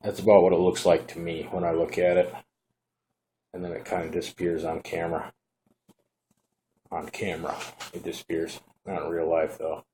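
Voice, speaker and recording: A man giving a relaxed, rambling hands-on product review at home, talking to the camera as he shows the device. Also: low voice, normal speed, long pauses, slight background noise.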